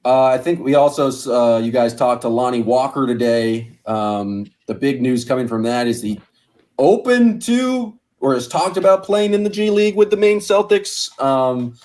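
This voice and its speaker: A man's voice: medium pitch, lively intonation, moderate pace, darkish tone. A man hosting a casual sports podcast, chatty and upbeat, laughing easily. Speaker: podcast host.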